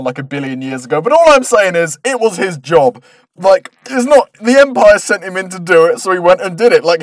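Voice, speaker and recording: A man's voice: on the high side, no room sound. A man narrating a comedic anime recap, sarcastic and swearing freely, ranting with exaggerated outrage.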